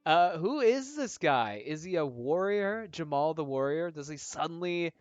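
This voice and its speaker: A man casually narrating a tabletop-style game on a live stream, pausing often and asking his viewers for ideas. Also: a little high, big pitch swings, clean tone, no echo. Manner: hesitant, lots of ums, chatty with viewers. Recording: dull lo-fi audio with faint game music.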